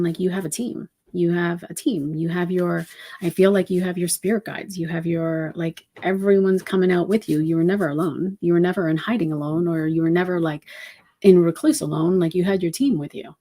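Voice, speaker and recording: A woman voicing a cute little mouse bursting out of a cupboard, excited and announcing. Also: lowish voice, a little fast, close to an everyday voice. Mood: reassuring.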